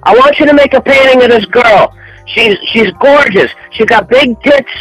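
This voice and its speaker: A man doing a husky high-voiced client. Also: moderate pace, fairly bright tone, no echo, faint music behind, low-quality recording. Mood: gushing. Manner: gushing, crude, repetitive. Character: pushy male client leaving a voicemail. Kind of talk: voicemail monologue in animation.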